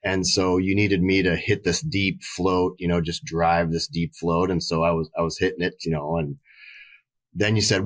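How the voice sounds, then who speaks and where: A man's voice: deep voice, little pitch movement, moderate pace, no room sound. A man, a volleyball head coach, telling stories in casual conversation, using many "you know"s and acting out quoted voices.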